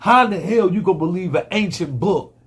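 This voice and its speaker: A man's voice: sits high, lively intonation, brisk, husky. A man giving a fiery, profane monologue full of rhetorical questions. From United States. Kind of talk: impassioned monologue.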